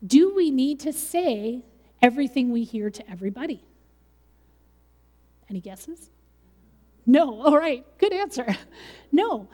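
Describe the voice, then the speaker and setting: A woman's voice: high voice, sing-song, measured pace, long pauses, dark tone, in a large hall. A middle-aged woman pastor preaching a sermon in a conversational way, with light laughs.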